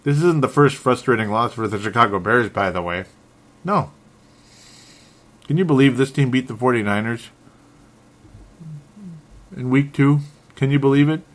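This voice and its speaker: A man in a mid-range voice delivers solo sports podcast commentary at a moderate pace, pausing often. He comes across as frustrated and meandering, correcting himself repeatedly and chuckling.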